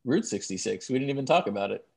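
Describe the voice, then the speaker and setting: A man's voice: medium pitch, animated, fast, creaky, darkish tone, breathy edge. A man co-hosting a podcast in casual chat, rambling and trailing off mid-sentence as he hunts for words. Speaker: podcast co-host.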